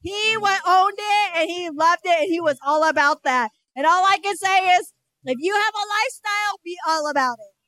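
A woman's voice: extremely high pitch, normal speed, bright, forceful tone, no echo. A woman co-hosting a podcast, chiming in with eager, sincere remarks in casual chat. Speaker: podcast co-host.

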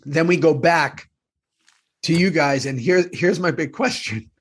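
A man's voice: on the high side, unhurried, a bit bright, slightly rough. A man co-hosting a casual chat, rambling with playful questions and jokes. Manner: inquisitive, rambling, joking. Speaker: podcast co-host.

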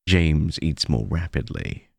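Male horror narrator, deep gravelly voice, slow hushed delivery, dry close sound. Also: dry recording. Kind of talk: scripted narration of a horror short story.

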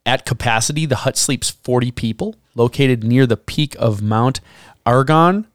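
A man co-hosting a podcast, working through his research notes in an easygoing way and tossing in dry jokes as he goes. His voice sits at an ordinary middle pitch. It is recorded close and dry, with no room echo. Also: moderate pace. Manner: jokey, drops wry asides between facts. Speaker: podcast co-host. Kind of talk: casual podcast chat reading out research notes.

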